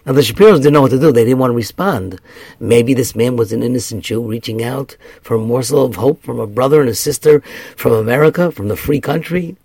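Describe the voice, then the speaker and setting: Gravelly-voiced man giving a sermon. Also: medium pitch, brisk, warm tone, dry recording. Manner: earnest, builds to raised emphatic passages. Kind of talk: sermon with storytelling.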